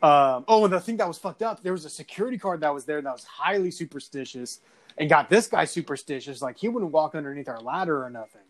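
A man's voice: on the high side, lively intonation, quick pace. A man telling a story in casual chat, rambling with many fillers and swear words.

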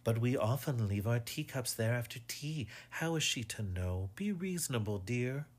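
A man's voice: medium pitch, expressive, normal speed, lightly acted. A man voicing a composed, proud wife. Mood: scolding. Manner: quiet, composed, lightly scolding. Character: calm, proud middle-aged English wife.

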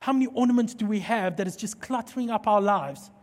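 Preacher, animated and playful, long church-hall reverb. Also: male voice, high-pitched, a little fast. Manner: animated, playful, jokes with the congregation. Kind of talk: sermon with humorous storytelling.

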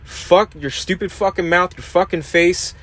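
A man's voice: medium pitch, fairly even intonation, normal speed, creaky, lightly acted. A man acting out a hostile male inner critic voice that taunts and swears at him. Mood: enraged. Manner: swearing, taunting, rising to a shout.

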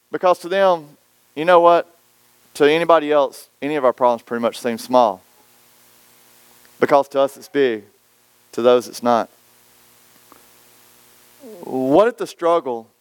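A man preaching a sermon, telling stories and acting out quoted voices with lively swings. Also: medium pitch, smooth, no echo. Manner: storytelling, animated, acts out quoted voices. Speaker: pastor.

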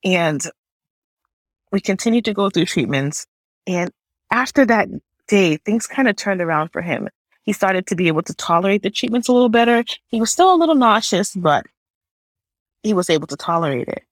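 A woman's voice: mid-range voice, lively intonation, normal speed, pauses often, no echo. Earnest woman sharing a testimony. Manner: earnest, emotional, conversational with fillers. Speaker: podcast host. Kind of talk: personal testimony, casual storytelling.

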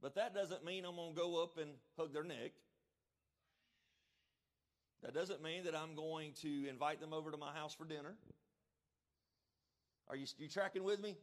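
A male pastor preaching a sermon, emphatic, checking in with the congregation and shouting out now and then. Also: a little high, normal speed. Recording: long reverb of a church hall.

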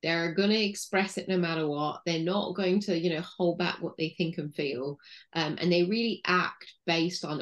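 A woman with a notably low voice talks as a podcast guest, explaining her ideas patiently. She leans on "you know" as she thinks aloud and walks listeners gently through a body-awareness exercise. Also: steady tone, measured pace, lo-fi sound. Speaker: guest, intuition coach. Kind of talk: explanatory interview talk.

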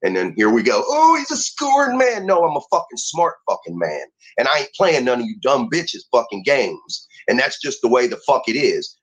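A man's voice: lowish voice, breathy edge, low-quality recording. A man ranting heatedly and profanely as a guest on a talk show.

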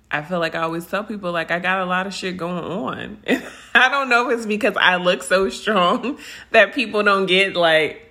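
A woman's voice: fairly low pitch, bright, forceful tone. A young woman hosting a podcast, talking candidly and casually with profanity and frequent laughter. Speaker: podcast host. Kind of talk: casual personal monologue.

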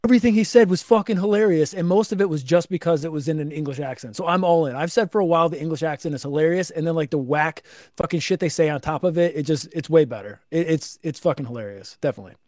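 A man's voice: on the high side, fast talker, darkish tone, dry recording, clean studio sound. A young man co-hosting a podcast, chatting casually and profanely with lots of fillers while reading from notes. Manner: profane, rambling with many fillers. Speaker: podcast co-host.

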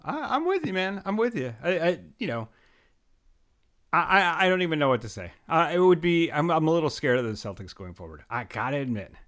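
A man's voice: a little high, big pitch swings, brisk, fairly bright tone. A man co-hosting a casual sports chat, blunt and swearing, laughing often. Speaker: podcast co-host.

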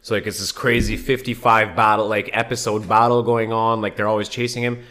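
A young man in casual chat, telling animated, profane stories and slipping into impressions. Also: fairly low pitch, a little fast.

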